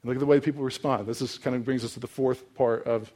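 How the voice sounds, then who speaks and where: A man's voice: mid-range voice, fairly even intonation, fast, mellow. A young adult man preaching a sermon in a conversational, storytelling way with touches of humor. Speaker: pastor.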